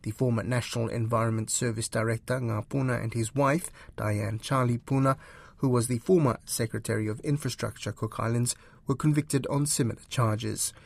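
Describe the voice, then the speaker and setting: A man reading scripted news in a measured, formal way. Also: medium pitch, fairly even intonation, creaky. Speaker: news presenter. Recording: dry studio.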